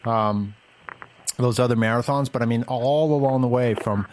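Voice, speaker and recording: A man's voice: medium pitch, normal speed, darkish tone, slight background noise. A man from the Boston suburbs with a Boston accent, hosting a casual podcast chat and rambling with many fillers and restarts. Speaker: podcast host.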